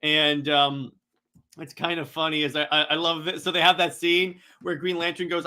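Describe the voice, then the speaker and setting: An excitable man recapping a comic book in a loose, rambling way, full of fillers and restarts. His voice is bright and forceful, sitting a little high. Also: moderate pace. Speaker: comic reader.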